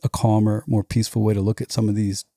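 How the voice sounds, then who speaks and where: A former pastor in his forties talks through faith on a podcast in a relaxed, animated way, slipping into mocking voices for the people he describes. His voice is warm and mellow, and it sits close and dry on a studio mic. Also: on the low side, fast talker, no room sound. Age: 40s. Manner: lively storytelling with mocking quoted voices and restarts. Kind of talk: casual conversation.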